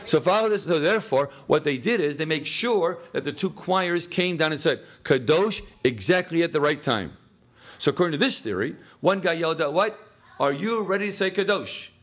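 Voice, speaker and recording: A man leading a classroom text study in a slightly higher voice. He fires questions at the students and often answers them himself, dropping in little jokes and chuckles as he goes. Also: lively intonation, normal speed, fairly bright tone. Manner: jokey, chuckles at his own lines. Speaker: teacher.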